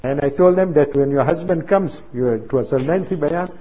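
A man's voice: fairly high pitch, normal speed, husky. A man preaching a sermon, telling anecdotes and acting out the dialogue. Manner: storytelling, acts out quoted dialogue. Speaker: Islamic preacher. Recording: muffled lo-fi recording.

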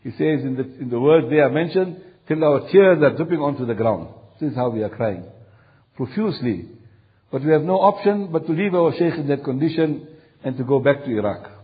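A man's voice: medium pitch, expressive, a little fast, phone-quality sound. A male preacher telling a long religious story in a sermon, solemn, repeating phrases for emphasis.

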